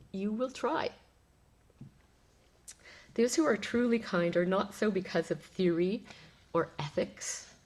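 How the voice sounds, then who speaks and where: A middle-aged woman pastor giving a sermon, telling a personal story in a gentle, reflective way with soft laughs and restarts. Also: mid-range voice.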